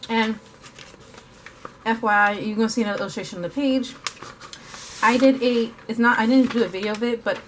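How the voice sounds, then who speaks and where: A woman's voice: on the high side, a little fast, long pauses. Woman, art vlogger, casual rambling chat, self-correcting, faint background noise. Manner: chatty, scattered, many fillers and self-corrections; talks while eating at times.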